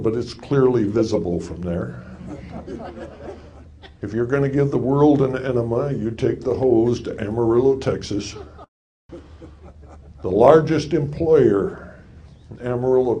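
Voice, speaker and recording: Older male speaker, wry and folksy, telling a long story on stage, warm low tone, middle pitch. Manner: folksy, wry storyteller with punchlines and acted quotes. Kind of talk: storytelling talk to a live audience.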